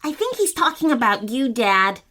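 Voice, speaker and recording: A cheeky little boy from a bedtime story, as a woman puts him on. His voice is high and bright, with lively swoops, and he rattles off his lines quickly. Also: exaggerated voice. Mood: whispering. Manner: quick, hushed asides. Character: young boy, curious and cheeky. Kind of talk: storybook voice acting.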